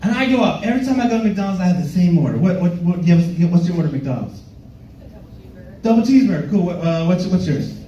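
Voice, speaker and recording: On a comedy club stage, a young male comedian performs a stand-up set, playful and self-mocking, slipping into goofy voices. His voice is high-pitched and mellow with lively intonation, and he talks fast. The muffled, echoey mic picks him up from a distance with roomy club sound, faint ambience, and slight background noise.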